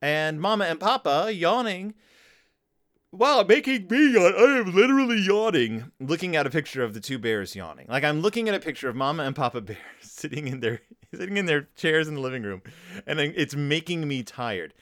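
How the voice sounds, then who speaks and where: A tired man hosts a casual podcast, talking through a picture book in a rambling, wry way and interrupting himself often. His voice sits a bit high and swings widely in pitch. He drops into quick put-on voices when he paraphrases characters. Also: big pitch swings, a bit bright. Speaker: podcast host. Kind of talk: casual book review chat.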